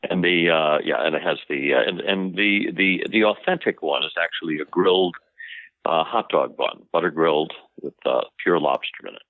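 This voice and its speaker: A man from Maine takes part in a phone interview, speaking in a measured way with a dry wit. His voice is very deep, and the phone line makes it sound tinny and narrow while staying dry. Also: no echo. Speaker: guest, actor.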